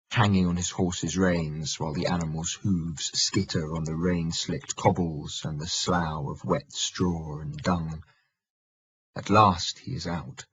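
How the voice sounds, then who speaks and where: A man narrating a historical audiobook in a measured, steady manner. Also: sits low, dull audio, a little hiss or hum. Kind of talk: scripted narration.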